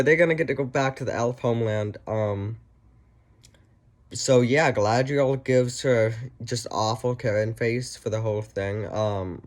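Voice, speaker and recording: A man giving a casual spoken review, rambling with many ums and a mocking, sarcastic edge. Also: on the low side. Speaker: reviewer and author.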